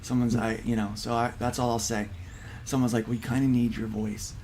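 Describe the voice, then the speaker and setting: Breathy-voiced male podcast host. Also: fairly quick, slight background noise. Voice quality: breathy, low husky voice. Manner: animated storyteller who laughs through his anecdotes. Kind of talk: casual panel chat.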